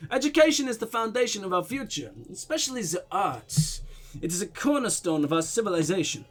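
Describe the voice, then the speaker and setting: Pompous diplomat with a put-on Russian-German accent, suave and dodgy, voiced by a man; lively, high delivery. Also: brisk, faint music behind. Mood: smooth, evasive. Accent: mock Russian-German blend. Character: smooth evasive male foreign diplomat, middle-aged.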